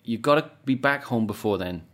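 A man's voice: medium pitch, expressive, brisk, fairly bright tone. Brief: male podcast co-host, hesitant, rambling talker. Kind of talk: casual chat.

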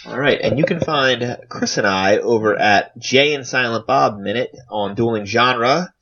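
A man's voice: mid-range voice, measured pace, fairly bright tone, muffled recording. A man hosting a podcast in casual, joking chat. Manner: joking, chatty, with restarts. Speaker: podcast host.

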